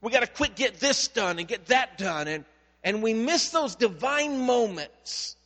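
A male pastor preaches with lively, conversational storytelling, his voice pitched notably high. Every phrase rings out into a long-echoing hall, as from a church sanctuary. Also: measured pace. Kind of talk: sermon.

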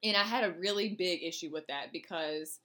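A woman's voice: on the low side, a little fast, fairly bright tone. A woman hosting a podcast, speaking bluntly and sassily straight to her listeners. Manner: blunt, sassy, talks to listeners directly. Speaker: podcast host. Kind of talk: casual podcast chat.

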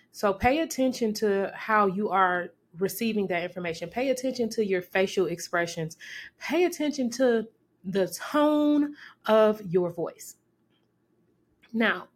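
Woman podcast host, mid-pitched voice, lively casual advice delivery with emphatic repetition and sudden high jumps for emphasis.

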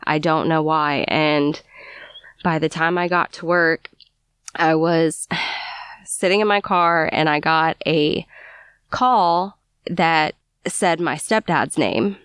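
A young woman recounting a painful memory as an interview guest, halting and sighing, stumbling over her words. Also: low-pitched, clean tone, no room sound, clean studio sound. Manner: halting, stammers and sighs while recalling. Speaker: guest telling her story. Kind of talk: emotional first-person account.

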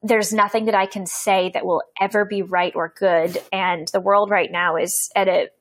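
A woman's voice: medium pitch, little pitch movement, moderate pace. Frank, earnest woman in an interview. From Canada. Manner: frank, earnest, swears freely; reflective, with many fillers and restarts. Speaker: interview guest, poet and coach. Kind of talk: candid conversational interview.

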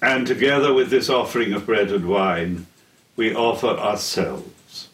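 Slow, solemn older man lecturing. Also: lowish voice. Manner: deliberate, solemn, pausing between phrases. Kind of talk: slow measured theology lecture. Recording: echoey room, heard from a distance.

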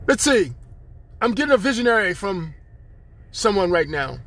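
A man hosts his own podcast, rambling through a spiritual monologue full of preachy, chanted repetitions. His voice sits high and a bit bright, very animated yet a little slow, with long pauses.

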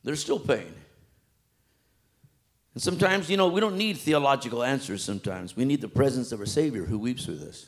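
A man preaching a sermon with passion, swinging between loud emphatic peaks and hushed soft passages, in colloquial everyday speech. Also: mid-range voice, lively intonation, fairly quick. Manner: colloquial, with repetitions and restarts.

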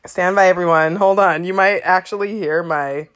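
A woman's voice: on the low side, steady tone, moderate pace. A woman hosting a podcast, out of breath and laughing, rambling and restarting her intro. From Southern California. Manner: giggly, rambling, restarts often. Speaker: podcast host. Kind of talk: casual chat.

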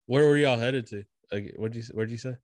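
A man's voice: medium pitch, fairly quick, darkish tone, no echo. A man hosting a casual chat, easygoing and asking follow-up questions. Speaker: podcast host.

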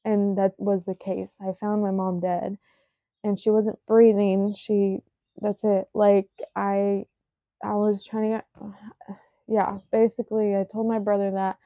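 A young woman recounts a hard personal story in a halting, shaken way, full of "like"s, sometimes sinking to a near-whisper. Her voice sounds narrow and tinny, like a phone line, with no room sound at all. Her pitch sits in the middle for a woman. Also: little pitch movement, no room sound. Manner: halting, filler-heavy retelling, often dropping to a near-whisper. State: shaken, emotional.

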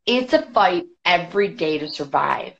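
Chatty woman guest with a lowish voice, quick storytelling full of "like", muffled lo-fi podcast sound. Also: lively intonation, vocal fry, fairly bright tone. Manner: chatty, quick, many "like" fillers. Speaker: podcast guest, boxing federation executive. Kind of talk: casual storytelling. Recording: dull lo-fi podcast audio.

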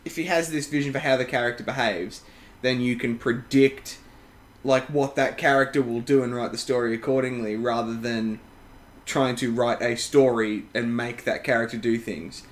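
A man's voice: medium pitch, fairly even intonation, moderate pace. A man in casual chat as a podcast co-host, laid-back, laughing often and swearing casually.

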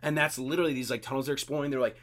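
A man's voice: medium pitch, fairly even intonation, very fast, a bit bright. A young man in casual podcast chat, rambling through stories, swearing freely and acting out the people he quotes.

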